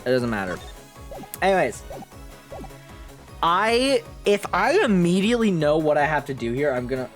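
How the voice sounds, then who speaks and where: A woman streamer commenting on a game live at her desk mic, her voice swinging widely in pitch. She chatters, laughs a lot and swears freely, with faint game music underneath. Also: big pitch swings, moderate pace, pauses often. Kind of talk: casual live-stream commentary while playing.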